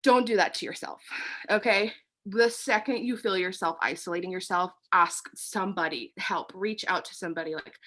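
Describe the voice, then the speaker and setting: A woman's voice: lowish voice, a little fast, sharp tone. A young woman, out of breath, giving a chatty team pep talk, full of fillers and casual swearing. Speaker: team leader. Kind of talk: casual motivational team chat.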